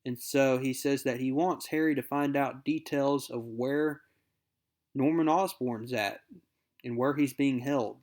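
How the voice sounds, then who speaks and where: Walking through an issue of a comic, this young man keeps things friendly, easygoing and upbeat, voicing the characters' lines as he goes. He speaks at a measured pace with a typical mid-range pitch.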